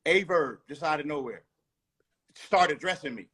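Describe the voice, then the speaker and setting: A man's voice: a little high, animated, moderate pace, background noise. A man talking as a rapper guest in a casual interview, blunt, emphatic and profane.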